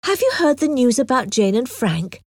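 A woman reading aloud gives voice to an excited, naive young woman who gushes with high rising questions. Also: moderate pace, no room sound, clean studio sound. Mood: gushing.

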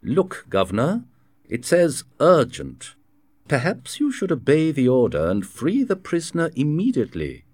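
A man's voice: on the high side, huge pitch swings, measured pace, darkish tone, no echo, voice pushed up, full character voice. A man voicing a cunning, persuasive schemer.

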